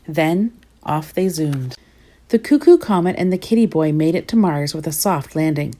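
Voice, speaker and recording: A woman reading a children's picture book aloud, giving the characters lively voices. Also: normal speed. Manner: lively, voices the characters with big pitch jumps. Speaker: storybook reader.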